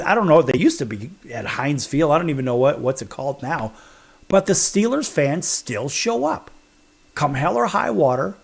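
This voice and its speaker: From a studio, a Chicago-born sports talk host with a slightly high, gravelly, husky voice counts down rankings. He delivers them with wisecracking sarcasm.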